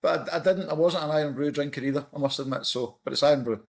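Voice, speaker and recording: A middle-aged Scottish man, a podcast guest, chatting casually and telling animated stories. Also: a little high, fast, creaky. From Scotland. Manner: storytelling, animated anecdotes. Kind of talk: casual chat.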